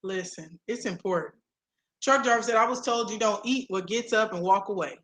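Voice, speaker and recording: A woman co-hosting a casual talk show, sassy and playful with drawn-out emphasis. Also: medium pitch, fairly bright tone. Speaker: co-host. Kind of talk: casual chat.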